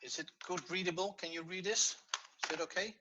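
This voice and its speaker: A man takes learners through a Hebrew grammar lesson in an online class. His voice is bright and forward, and he explains each step slowly and patiently, going back over points so they stick. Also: high-pitched, fairly even intonation, slight background noise, poor audio. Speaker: Hebrew teacher. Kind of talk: online lesson, screen-sharing.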